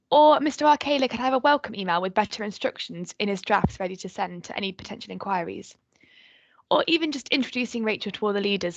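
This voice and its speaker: A woman presenting a volunteer training workshop in a calm, instructive way. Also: medium pitch, dry recording, highs cut off.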